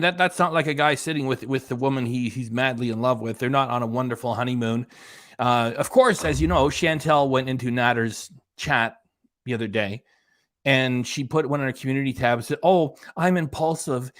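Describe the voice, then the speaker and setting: A man's voice: mid-range voice, fairly quick, a bit bright, no room sound, studio quality. A man hosting a reaction channel, giving sarcastic, rambling casual commentary.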